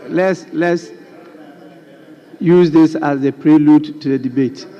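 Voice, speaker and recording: A man's voice: on the high side, fairly even intonation, takes it slowly, dark tone. A man, the presiding speaker, briefly directing the floor of parliament. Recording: dull lo-fi sound.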